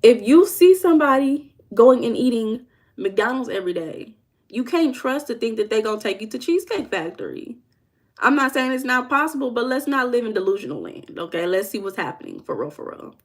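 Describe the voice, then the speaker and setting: A woman's voice: on the high side, sing-song. A woman with a Southern US accent hosting a casual livestream as a life coach. She reads viewers' comments aloud and teases them playfully, drawing words out for emphasis. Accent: Southern US dialect. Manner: playful, teasing, drawls and slows for emphasis.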